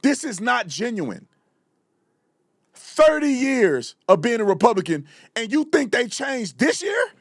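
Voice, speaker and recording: A man hosting a live commentary show, delivering a fiery, repetitive rant that sometimes breaks into shouting. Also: very high-pitched, sing-song, unhurried, no echo, studio quality. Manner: fiery, ranting, repeats himself, shouts at times. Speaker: show host. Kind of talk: heated live political commentary.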